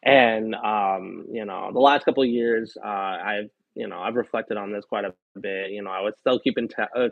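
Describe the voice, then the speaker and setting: A man's voice: lowish voice, gravelly, no echo. Man, casual streamer chat, rambling and candid, narrow phone-like sound. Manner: rambling candid storytelling with many fillers. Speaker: live streamer. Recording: tinny phone-like dry sound.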